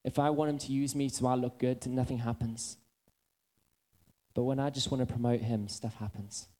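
A man in his thirties preaching a sermon, earnest and building to excited urgency. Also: medium pitch, moderate pace.

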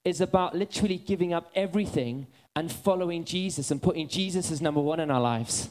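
A man in his thirties preaching a sermon, earnest and building to excited urgency. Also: fairly high pitch, fast talker, hardly any pauses.

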